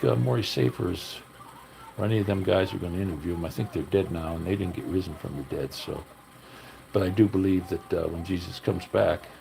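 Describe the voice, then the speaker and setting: A man's voice: low voice, gravelly, darkish tone, slight background noise, rough recording. An older man chatting casually on a livestream, telling loose, profane, folksy stories to viewers. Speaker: livestream host. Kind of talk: casual rambling chat to live viewers.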